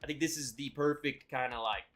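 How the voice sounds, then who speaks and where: A man's voice: mid-range voice, brisk, a bit bright, soft background music. A man hosting a casual live stream, chatty and upbeat, greeting viewers by name as he talks. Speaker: livestream host reviewing whiskey.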